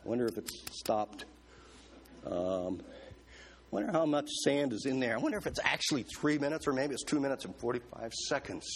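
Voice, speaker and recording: A male pastor preaching a sermon, telling a story with humor and lively, excited quotes of himself. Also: medium pitch, normal speed.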